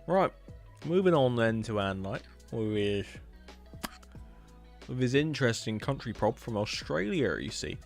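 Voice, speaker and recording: Gravelly Hampshire-accented man chatting on stream. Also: medium pitch, animated, a little slow, soft background music. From England. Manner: chatty, rambling, repeats words. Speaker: streamer reviewing builds. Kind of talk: casual live-stream commentary.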